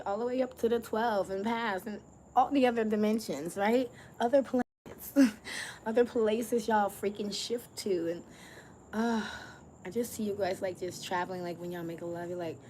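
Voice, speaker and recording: A woman's voice: mid-range voice, noisy background. A woman giving a casual spiritual tarot reading in slangy, profane talk, laughing often and stretching out emphatic phrases. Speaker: tarot reader.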